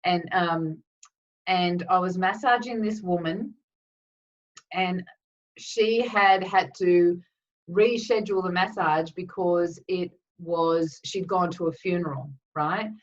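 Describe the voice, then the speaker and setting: A woman's voice: on the low side, steady tone, slow pace. A woman giving a spiritual talk, telling a rambling, chatty story full of asides. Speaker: spiritual teacher. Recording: dull, distant recording.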